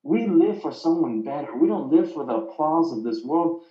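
A man giving an inspirational Christian talk, telling stories with lively, animated voiced quotes. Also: on the high side, normal speed. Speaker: speaker. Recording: roomy muffled sound.

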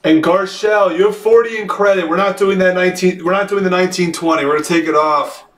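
Excited high-voiced man calling card hits. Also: quick pace. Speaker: card break host. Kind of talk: live card break calling. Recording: echoey room with faint noise.

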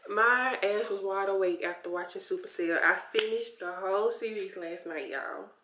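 A sleepy vlogger from Arkansas, USA, chats casually to camera at home indoors in a Southern US accent, laughing often and calling viewers honey. Her medium-pitched, slightly bright voice is unhurried. The roomy sound from a distant camera mic carries a little hiss or hum.

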